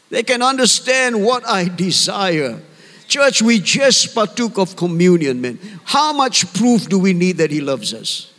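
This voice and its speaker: Male preacher with a high voice, earnest and conversational, echoing in a church hall. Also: expressive, unhurried, a bit bright. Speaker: pastor. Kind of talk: sermon. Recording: long hall reverb.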